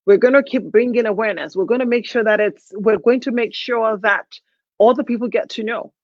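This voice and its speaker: A woman hosting a live call-in talk show, emotional and halting, with many hesitant restarts. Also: a little high, no room sound, lo-fi sound.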